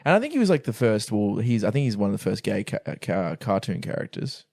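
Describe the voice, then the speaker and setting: A man's voice: lowish voice, gravelly, no echo, studio quality. Casual swearing podcast co-host man. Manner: swearing, animated, quick to laugh. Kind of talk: casual chat.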